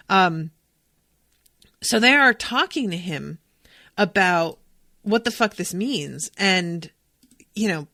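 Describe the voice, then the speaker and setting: A woman hosting a podcast, chatting about a TV episode in an excitable way, swearing freely and acting out the characters' lines. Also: mid-range voice, no room sound, studio quality. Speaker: podcast host recapping a TV episode. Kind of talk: casual chat.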